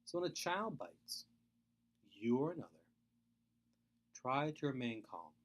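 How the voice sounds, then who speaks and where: Middle-aged male webinar presenter, earnest and emphatic, very lively pitch. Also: measured pace. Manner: earnest, emphatic, repeats points. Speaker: foster care speaker. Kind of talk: webinar lecture.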